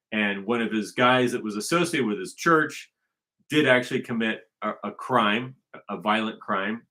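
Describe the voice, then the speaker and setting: A man's voice: mid-range voice, bright, forceful tone. A man talking in a casual unscripted monologue, rambling and emphatic, often circling back to restate his point. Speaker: vlogger.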